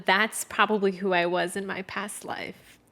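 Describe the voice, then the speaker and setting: A woman's voice: medium pitch, level tone, measured pace, a bit bright. A young woman co-hosting a podcast, telling a long story in a loose, rambling way, peppered with fillers and casual swearing. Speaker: podcast co-host. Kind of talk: casual chat.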